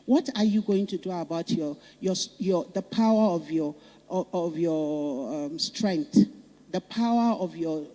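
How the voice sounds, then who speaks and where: Nigerian woman, passionate summit speaker, mellow tone, repeats for emphasis; hall reverb. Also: mid-range voice. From northern Nigeria. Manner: fervent, repeats phrases for emphasis. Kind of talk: impassioned public speech. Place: conference hall.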